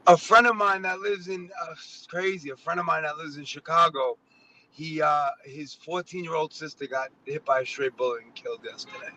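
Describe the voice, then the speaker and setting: A man talking loudly and emphatically in a casual chat, calling in. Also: fairly high pitch, moderate pace, a little hiss or hum, poor audio. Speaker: caller.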